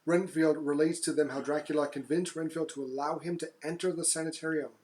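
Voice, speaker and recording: A man co-hosting a podcast, recapping a movie plot in loose casual chat, with fillers and quick jokey asides. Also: a little high, fairly even intonation, a little mellow. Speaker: podcast co-host.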